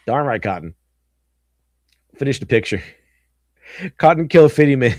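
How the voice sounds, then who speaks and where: A man's voice: medium pitch, lively intonation, unhurried, pauses often, a little mellow, no echo, clean studio sound. Giggly man hosting a meme stream. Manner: giggly, goofy, slips into silly voices. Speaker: stream host. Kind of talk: casual livestream chat reacting to memes.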